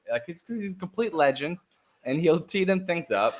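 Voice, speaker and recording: A man's voice: on the high side, expressive, fairly quick, darkish tone. A young man on a podcast as a guest, chatting energetically, laughing often and swearing casually. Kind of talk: casual chat.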